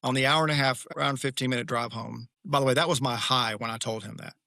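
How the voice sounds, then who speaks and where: A middle-aged man with a gravelly, forceful voice tells a candid personal story on a podcast. He speaks emphatically and restarts his sentences often. The sound is dry and close, with no room echo. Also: medium pitch, steady tone, fast talker. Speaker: guest author.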